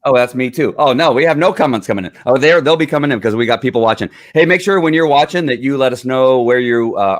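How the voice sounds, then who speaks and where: A man's voice: medium pitch, dry recording, clean studio sound. A man hosting a casual video call party, chatty and rambling, laughing often between his words. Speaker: host. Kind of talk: casual chat on a livestream party.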